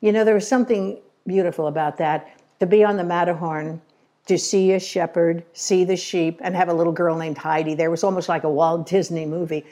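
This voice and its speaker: An older woman speaks at a church gathering in a folksy, storytelling way and drops in wry little jokes. Her voice is mellow and warm and sits a bit low. She sometimes stumbles over repeated words when she gets caught up in a story. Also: steady tone, brisk. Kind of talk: conversational church talk.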